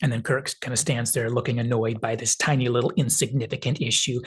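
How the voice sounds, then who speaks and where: Husky-voiced man retelling a film scene. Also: medium pitch, flat delivery, fast. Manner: rambling retelling full of "kind of" hedges. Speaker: film analysis video host. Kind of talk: casual video essay narration.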